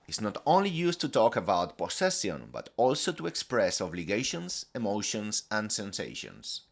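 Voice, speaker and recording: Male language teacher, lower voice, very lively intonation, clear deliberate phrasing for listen-and-repeat. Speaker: Spanish teacher. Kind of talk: scripted language lesson.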